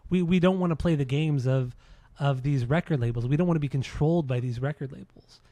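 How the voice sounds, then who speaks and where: A man's voice: on the high side, brisk, mellow, no echo. A man co-hosting a music podcast, explaining songs in an earnest, casual chat, often repeating and restarting his words. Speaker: podcast co-host.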